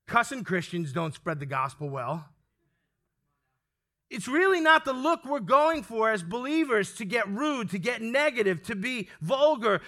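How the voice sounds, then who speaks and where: A man preaching a sermon to a congregation, animated, calling for amens and acting out the lines he quotes. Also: extremely high pitch. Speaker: pastor. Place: church sanctuary with congregation.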